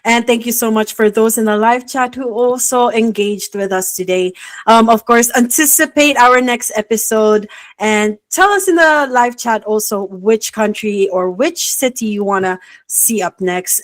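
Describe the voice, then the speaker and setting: A woman's voice: on the high side, moderate pace, no room sound. A woman, co-hosting a radio show, reading out thanks and greetings in an orderly way. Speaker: radio co-host. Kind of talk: live radio sign-off and greetings.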